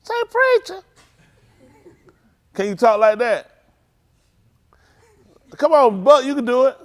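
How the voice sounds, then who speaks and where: A man's voice: extremely high pitch, a little slow. A man leading a youth group at a congregation, bantering and teasing the young people before opening a Bible lesson. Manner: playful, teasing, banters with the audience.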